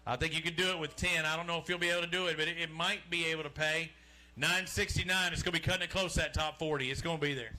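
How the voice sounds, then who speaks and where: A man's voice: on the high side, fairly even intonation, fast, bright, forceful tone. A man hosting a live outdoor fishing weigh-in, joking and chatty as he calls out names and weights. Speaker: weigh-in emcee. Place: outdoor lakeside weigh-in stage.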